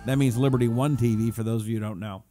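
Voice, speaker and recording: A man's voice: medium pitch, fairly even intonation, quick pace, warm tone, no echo, studio quality, faint music behind. A man hosting his own live talk show in a casual, playful, joking way, greeting his listeners. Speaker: radio and podcast host.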